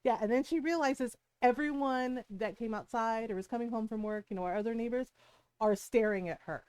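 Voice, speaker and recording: Animated, profane woman streamer telling a story. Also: on the high side, fairly quick, smooth, no echo. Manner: animated, profane, acts out what people said. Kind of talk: casual storytelling to a live stream.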